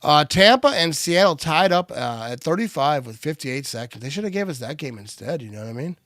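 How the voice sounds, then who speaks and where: A man hosting a live game watch party, switching between excited play-by-play calls and relaxed chat. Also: a little high, brisk, dry recording, clean studio sound. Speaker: livestream watch party host.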